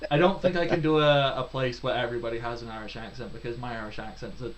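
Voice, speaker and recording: Casting: male game master, rambly and self-mocking, medium pitch, noisy background. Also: steady tone, fast talker. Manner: rambling, self-deprecating, swears casually. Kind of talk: narrating a tabletop game, casual chat.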